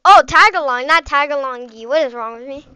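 Woman, gaming host, high bright voice, excitable rambling play-by-play, dry close sound. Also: fairly quick, no echo. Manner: excitable, chatty, rambling with frequent "like" and "bro". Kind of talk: live gameplay commentary.

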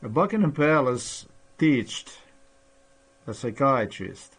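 A man in a rambling personal monologue, halting with many pauses and fillers, sounding aggrieved and accusatory. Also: medium pitch, very animated, breathy edge. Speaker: vlogger.

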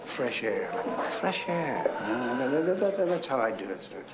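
An actor playing a fussy, anxious doctor who stammers and defers nervously. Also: male voice, medium pitch, sing-song, moderate pace, reverberant, very noisy, natural voice. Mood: flustered.

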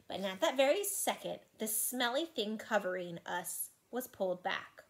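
A woman teacher reading a children's chapter book aloud to her class with expressive storytelling. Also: medium pitch, moderate pace, hardly any pauses.

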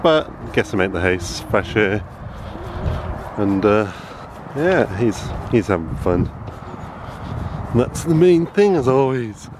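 Chatty dad on noisy camera audio. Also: male voice, on the low side, animated, slow pace. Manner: chatty, switches to a sing-song voice for his child. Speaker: father vlogging with his toddler. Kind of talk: casual home vlog narration. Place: home kitchen, then outdoors by a canal. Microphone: handheld camera. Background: appliances humming, then outdoor and traffic noise.

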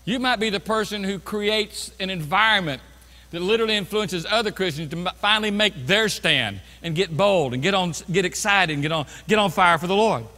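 A pastor in his fifties preaching a sermon, swinging from quiet storytelling to loud crying out. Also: sits high, brisk. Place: large church sanctuary. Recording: long hall reverb in a church.

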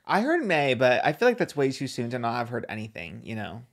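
A woman's voice: a bass voice, wildly swooping pitch, a little fast, creaky. A woman chatting casually on a podcast in a laid-back, giggly way. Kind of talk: casual chat.

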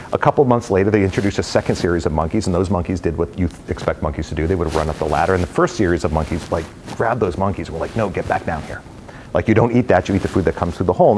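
A middle-aged man with a very low voice speaks quickly, telling stories to brokers in an energetic, rambling style packed with fillers. He is a real estate executive giving a casual talk to a live audience in a company headquarters event space, with a faint hiss beneath his speech.

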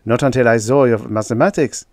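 A man voicing an excitable middle-aged male German physicist with a German accent, eagerly explaining. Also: mid-range voice, brisk, no room sound, studio quality, natural voice. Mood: excited.

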